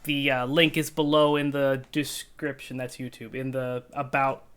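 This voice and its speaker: A man running a tabletop game as game master, narrating the scene in an easygoing way with frequent pauses. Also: mid-range voice, level tone, fairly bright tone, smooth.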